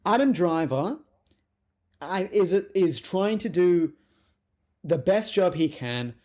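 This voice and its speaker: A man's voice: high voice, takes it slowly. A man co-hosting a movie podcast, chatting casually and bluntly, swearing freely as he reviews a film. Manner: blunt, swears freely, animated when mocking. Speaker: podcast co-host.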